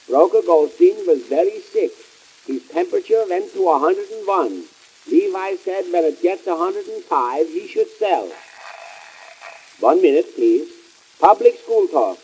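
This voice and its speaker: A man doing Cohen, a husky wisecracker. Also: high voice, full character voice, low-quality recording. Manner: punchline-driven deadpan patter. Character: wisecracking male immigrant comic businessman. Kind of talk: 1920s vaudeville comedy record.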